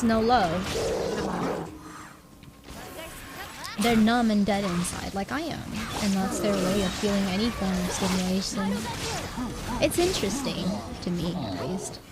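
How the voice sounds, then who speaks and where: A young adult woman livestreamer chatting casually with her viewers, rambling and self-deprecating, laughing often. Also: medium pitch. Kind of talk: casual stream chat.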